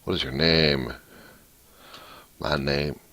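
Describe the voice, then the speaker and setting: A man's voice: rumbling low, steady tone, slow pace, pushed and bright, no room sound. A man walking through some code casually, thinking aloud and reading lines out as he types. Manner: thinks aloud, reads code out while typing; rambling, many restarts. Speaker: hobbyist programmer. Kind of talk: casual coding walkthrough.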